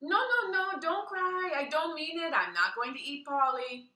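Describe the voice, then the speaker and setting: A woman's voice: fairly high pitch, lively intonation, moderate pace, bright, forceful tone. Sly teasing farm woman, read by a woman. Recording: roomy sound from a distance.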